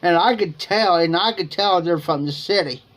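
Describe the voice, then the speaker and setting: A man's voice: sits high, moderate pace, fairly bright tone. A man from Ohio hosting a livestream, telling rambling folksy stories full of slang and chuckling as he goes. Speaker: livestream host. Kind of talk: casual storytelling chat. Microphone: streaming setup microphone.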